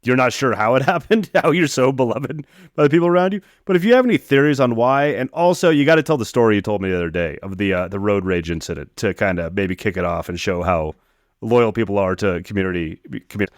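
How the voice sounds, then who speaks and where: A man's voice: fairly low pitch, fast talker, dry recording, studio quality. A man hosting a podcast, asking loose, meandering questions with fillers in a casual way. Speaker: podcast host.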